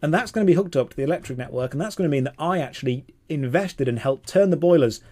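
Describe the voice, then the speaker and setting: A man streaming a game, chatting casually with viewers in an animated, self-mocking way. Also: fairly high pitch, fast. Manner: animated, self-mocking, jumps between chat and gameplay. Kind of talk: casual live-stream chat while gaming.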